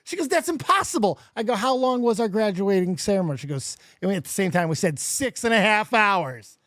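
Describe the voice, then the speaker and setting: Animated, profane man telling stories. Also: high-pitched, a little fast, dry recording, studio quality. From Las Vegas. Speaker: podcast host. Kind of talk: casual chat.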